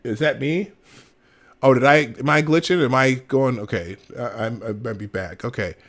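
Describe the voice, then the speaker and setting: Medium in pitch and a bit bright, the voice moves at a moderate pace. It belongs to a middle-aged Minnesota host on a live show, whose commentary is emphatic, animated, and dotted with laughter.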